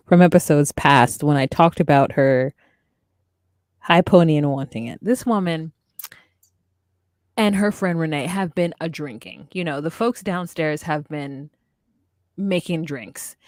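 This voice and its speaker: A woman co-hosting a podcast in casual chat, recapping a reality show with sassy, animated storytelling. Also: low voice, unhurried, pauses often, no room sound, studio quality. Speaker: podcast co-host.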